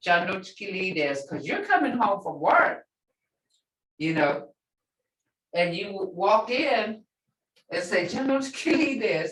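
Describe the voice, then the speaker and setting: An older woman teaches a language class in a relaxed, chatty way, repeating each phrase slowly. Her voice swings lively up and down as she explains. She is recorded from across an echoey room. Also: mid-range voice. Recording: echoey room, mic set far off.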